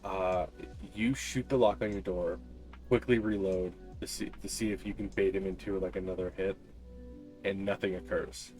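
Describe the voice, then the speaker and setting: A man runs a tabletop game, narrating the action in a fairly low voice. He often hesitates with ums and uhs as he describes each scene. Soft music plays quietly underneath. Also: steady tone, moderate pace. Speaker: game master.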